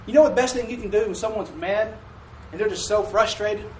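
This brisk, high-voiced man sounds slightly mellow as he leads a folksy call-and-response sermon. The church sanctuary echoes around a distant microphone, and a light hiss or hum runs underneath.

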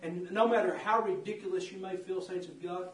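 This brisk, high-voiced man is preaching in church, his sermon fervent and full of repetition as he cries out "saints of God" to the congregation. The sound comes from afar in a roomy sanctuary.

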